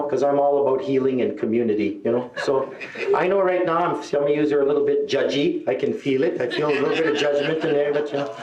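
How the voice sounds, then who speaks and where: A man doing stand-up in an echoey live room. His voice sits fairly high for a man. He tells his story in a chatty, rambling way and pushes his voice up when he quotes people. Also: a little mellow, muffled recording. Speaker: stand-up comedian. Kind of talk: stand-up comedy set. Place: live show venue.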